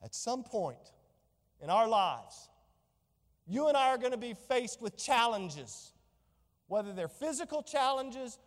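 A woman's voice: on the high side, big pitch swings, measured pace, pauses often, long reverb tail. A woman preaching a sermon with fervor, piling up rhetorical questions. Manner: fervent, stacked rhetorical questions.

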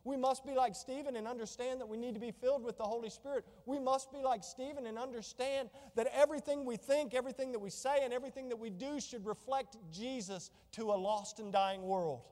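A woman's voice: a little high, brisk, hardly any pauses, warm tone, in a large hall. A woman preaching a sermon with fervor, piling up rhetorical questions. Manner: fervent, stacked rhetorical questions.

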